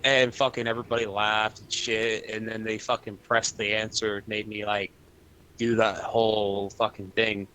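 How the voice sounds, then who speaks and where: A man's voice: fairly low pitch, flat delivery, moderate pace, bright, forceful tone, a little hiss or hum. A young man streaming and ranting about his work day in casual chat, cursing a lot and filling with "like". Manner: profane, rambling venting with lots of fillers.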